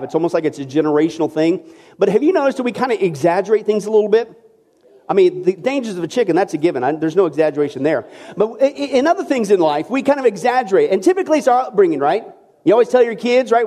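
A man's voice: high-pitched, warm tone. A male pastor preaching a casual sermon, often asking the congregation questions. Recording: reverberant hall.

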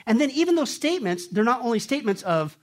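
Animated high-voiced male preacher. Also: quick pace. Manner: animated, swings from loud to hushed, acts out voices. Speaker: pastor. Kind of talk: sermon with jokes.

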